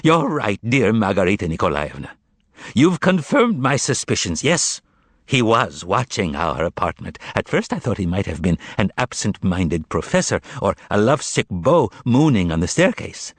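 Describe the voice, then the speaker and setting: A man voicing a fussy, theatrical male sidekick in an audiobook, excitable and wailing. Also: normal speed, dry recording. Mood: excited. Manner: excitable, high and shrill. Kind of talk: audiobook character voice.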